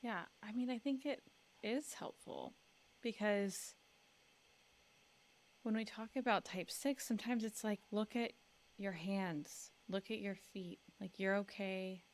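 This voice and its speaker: A woman hosts an interview podcast and answers her guest in an affirming, thoughtful way. Her voice sits at an ordinary middle pitch for a woman, and she talks in a relaxed conversational manner. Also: slow pace. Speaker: podcast host.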